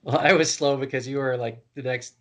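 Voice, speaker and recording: A man's voice: mid-range voice, fairly even intonation, a little fast, fairly bright tone. A man co-hosting a casual podcast chat, making wry quips and laughing often. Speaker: podcast co-host.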